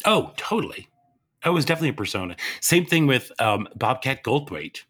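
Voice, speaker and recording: A brisk, animated middle-aged man tells stories in casual chat. He acts out quotes with big jumps in pitch, like a lively storyteller.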